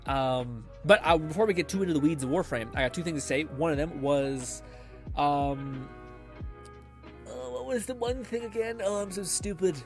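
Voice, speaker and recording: A man's voice: a little high, moderate pace, soft background music. A young man hosting a gaming livestream, rambling casually, swearing and laughing often as he chats. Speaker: livestream host. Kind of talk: casual gaming stream chat.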